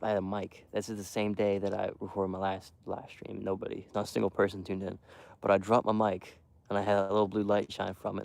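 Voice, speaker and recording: Low gravelly hushed man outdoors. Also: dry recording. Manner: hushed, rambling, lots of fillers and restarts. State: cold. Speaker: hunting streamer. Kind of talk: quiet rambling live-stream chat. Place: outdoors in a windy field edge.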